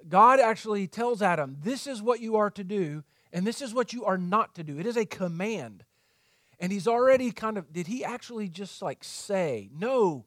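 Male preacher with a high voice, earnest teaching tone, dry close sound. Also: dry recording. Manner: earnest teaching tone, frequent fillers and rhetorical questions. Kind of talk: sermon.

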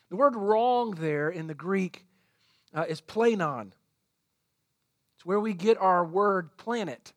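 A man's voice: high-pitched, moderate pace, a bit bright, no room sound, studio quality. A male pastor preaching a sermon, repeating his points for emphasis.

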